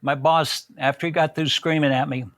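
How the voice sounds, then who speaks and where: A man's voice: on the high side, fairly even intonation, normal speed, fairly bright tone, no room sound, studio quality. An older man, a guest on a podcast, telling a long personal story in a folksy way and acting out what people said. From Southern United States. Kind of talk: storytelling interview.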